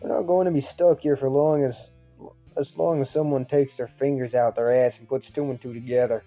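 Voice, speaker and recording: A man's voice: medium pitch, steady tone, fairly quick, dark tone, close to an everyday voice. A man voicing a brash, crude young man who picks fights, in a put-on Irish accent, over faint music. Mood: taunting. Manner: crude, mocking, swaggering. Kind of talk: fan visual novel voice acting.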